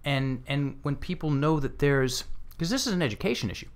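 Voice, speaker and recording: A man in his thirties, a language coach as guest, telling stories in a lively conversational way, acting out what people said, often restarting his sentences. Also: mid-range voice, brisk, clean tone. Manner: animated, acts out quotes, frequent restarts. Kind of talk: conversational storytelling interview.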